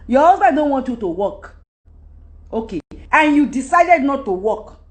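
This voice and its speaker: A middle-aged woman with a Nigerian accent, ranting unscripted into her phone on a live stream, preachy and animated with loud outbursts. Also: sits high, unhurried. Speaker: livestream host.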